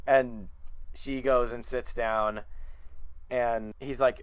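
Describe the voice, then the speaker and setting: A man co-hosting a podcast, recapping a show in a relaxed storytelling way with quiet chuckles. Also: mid-range voice, slow, clear, resonant tone. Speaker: podcast co-host. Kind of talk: casual chat recapping a show.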